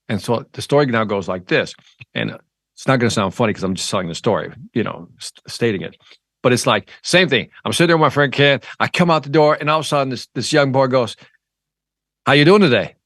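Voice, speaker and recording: Animated storytelling man, dry close sound. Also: medium pitch, dry recording. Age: middle-aged. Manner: animated, acts out the dialogue in his anecdotes. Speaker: sales trainer and motivational speaker. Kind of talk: storytelling in an interview.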